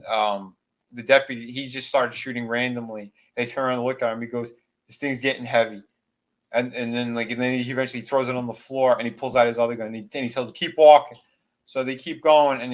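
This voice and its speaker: A man co-hosting a horror film podcast, casually retelling scenes and acting out the characters' lines with plenty of fillers. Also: mid-range voice. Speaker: podcast co-host. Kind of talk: casual movie recap chat.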